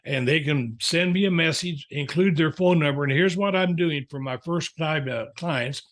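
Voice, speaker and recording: A man's voice: fairly high pitch, normal speed, fairly bright tone. A man, a counselor and author, telling folksy stories in a podcast interview. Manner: folksy storyteller, chuckling asides.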